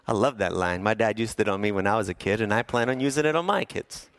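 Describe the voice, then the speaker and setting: A man's voice: mid-range voice, big pitch swings, quick pace, hardly any pauses, fairly bright tone, no echo. A man in his thirties preaching a sermon as pastor, humorous and conversational, who asks the congregation questions.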